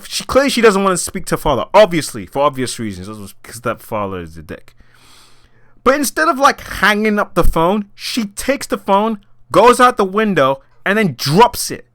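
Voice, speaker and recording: An exasperated vlogger rants about a film they just watched, swearing often and laughing in disbelief. The voice is bright and sharp with a smooth, clear ring. Their pitch leaps around with lively, animated swings as each complaint builds. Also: normal speed. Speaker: movie reaction vlogger. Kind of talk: casual spoken movie rant.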